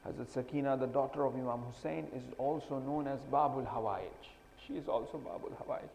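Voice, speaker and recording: A man's voice: mid-range voice, brisk, creaky, hardly any pauses, highs cut off. A man preaching a mourning sermon, telling a sorrowful story with rising, impassioned delivery. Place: mosque hall. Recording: long hall reverb.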